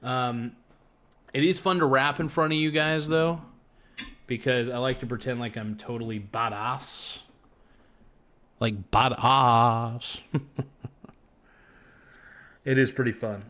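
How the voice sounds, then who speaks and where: A man's voice: mid-range voice, steady tone, measured pace, long pauses, fairly bright tone. A man hosting a livestream, chatting casually and jokingly with viewers and answering their chat messages. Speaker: livestream host.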